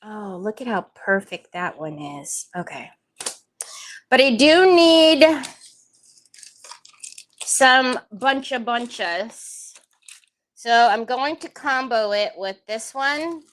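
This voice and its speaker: Slow, chatty higher-voiced woman crafter. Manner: chatty and excitable, thinks aloud; playful made-up phrases. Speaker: crafting livestream host. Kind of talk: casual crafting livestream chat.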